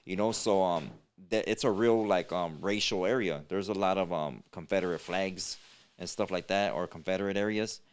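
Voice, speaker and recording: Low, smooth-voiced LA man. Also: moderate pace. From East Los Angeles. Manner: rambling, many fillers and restarts, slang. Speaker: podcast host. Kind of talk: casual storytelling chat.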